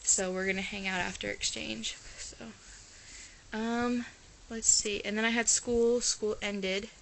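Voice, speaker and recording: A teenage girl from Ohio talks to her camera in a loose, rambling vlog chat, her clear as she piles up "like" and restarts sentences. Her voice sits at an ordinary middle pitch. A faint hiss of noise runs under the recording. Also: little pitch movement, measured pace, fairly bright tone, low-quality recording. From Ohio, USA. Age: teens. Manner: rambling, chatty, full of "like" and restarts. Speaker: exchange student vlogger. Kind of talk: casual chat.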